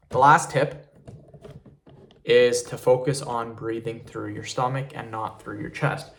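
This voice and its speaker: A man speaks to his viewers in a relaxed, chatty tutorial, with a voice of ordinary middle pitch. He leans on repeated words like "literally" and "really" and slips in the odd filler as he walks through his tips. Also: unhurried, vocal fry. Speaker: online creator giving tips. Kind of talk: casual talking-head tutorial.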